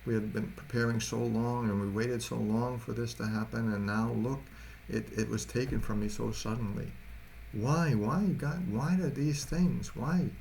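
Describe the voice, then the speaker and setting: Man playing a bereaved young mother, pleading and tearful, gravelly undertone. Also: medium pitch, fairly even intonation, moderate pace, a little mellow, a little hiss or hum, pitched above the performer's own voice, close to an everyday voice, low-quality recording. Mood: anguished. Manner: tearful, pleading cries of why. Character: young mother grieving her only baby.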